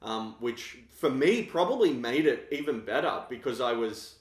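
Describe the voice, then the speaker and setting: A man's voice: mid-range voice, big pitch swings, moderate pace. A man co-hosting a film podcast, talking casually and thoughtfully about filmmaking. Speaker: podcast co-host. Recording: roomy echo.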